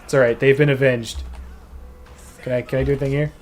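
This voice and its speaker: A man's voice: medium pitch, level tone, brisk, faint music behind. Chatty gamer man with a faint Maine accent. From Maine, USA. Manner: chatty, explains things at length. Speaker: gaming video host. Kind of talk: casual gaming commentary.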